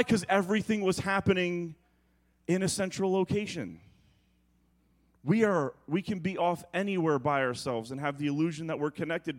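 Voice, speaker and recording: Animated middle-aged male preacher, joking. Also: a little high. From New York, United States. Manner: animated, acts out quotes and sounds, quick jokey asides. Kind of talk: humorous storytelling sermon.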